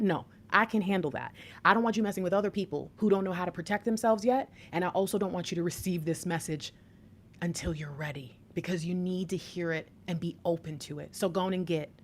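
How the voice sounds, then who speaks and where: A woman giving a tarot reading to her viewers, excitable, breaking into laughs and whispers as she talks straight to them. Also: lowish voice. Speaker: tarot reader.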